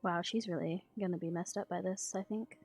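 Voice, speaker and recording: A woman's voice: fairly low pitch, fairly even intonation, a little fast, a little mellow, breathy edge, faint music behind. A woman streaming a game, making offhand quips and reading dialogue aloud. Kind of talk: casual gameplay commentary.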